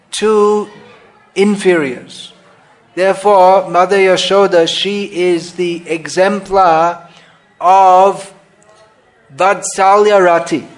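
A man giving a devotional talk on scripture, thoughtful and self-correcting, sometimes acting out the scenes he explains. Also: sits high.

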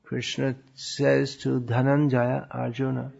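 A man teaching a lecture on scripture, thoughtful and pausing often with fillers, on a dull lo-fi recording. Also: mid-range voice, little pitch movement, gravelly, a little mellow, breathy edge. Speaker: religious teacher.

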